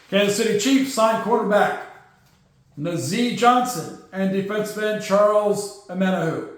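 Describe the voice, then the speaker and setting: A man hosting a casual football news show, giving blunt, sarcastic, opinionated takes. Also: sits high. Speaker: sports show host. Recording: very echoey room.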